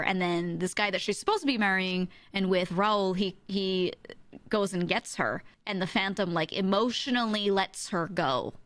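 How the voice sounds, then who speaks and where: A woman streamer in casual chat, animated and giggly, often breaking into exclamations and laughter. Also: mid-range voice, no echo.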